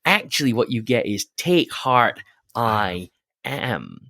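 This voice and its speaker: A man co-hosting a podcast, explaining scripture in an animated, conversational way with frequent restarts and laughs. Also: mid-range voice, slow, vocal fry, dry recording. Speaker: podcast co-host. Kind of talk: conversational Bible discussion.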